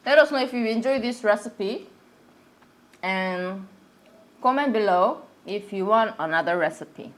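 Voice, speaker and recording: A woman's voice: medium pitch, lively intonation, unhurried. A woman from Korea with a Korean accent, speaking English as a second language as she co-hosts a casual cooking vlog, earnest and encouraging. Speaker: vlog co-host, cook.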